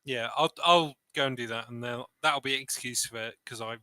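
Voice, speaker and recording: A man's voice: medium pitch, fairly quick, bright, forceful tone, clear, resonant tone, no echo. Hesitant male player, dry sound. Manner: hesitant, trailing off. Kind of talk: casual tabletop play.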